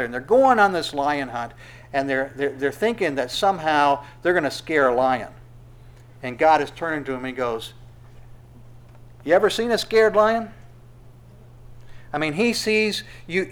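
A male pastor preaching a sermon, animated and emphatic, with sudden loud bursts. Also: a little high.

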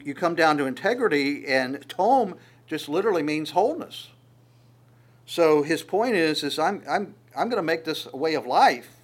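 A pastor delivers a sermon in a slightly high voice, keeping it lively and conversational. He often stammers over repeated words and acts out the voices of people he quotes.

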